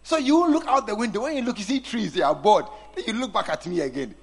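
Man preaching, high voice, lively swooping pitch, teasing the congregation. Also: fast talker. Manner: animated, teasing, acts out scenes with the congregation. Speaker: pastor. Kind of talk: sermon.

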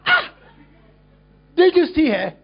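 A man preaching a lively sermon as a pastor, teasing and exclaiming at his congregation while acting out a scene. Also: extremely high pitch, slow, gravelly, slight background noise. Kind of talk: lively sermon with acted-out demonstration. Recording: dull lo-fi recording.

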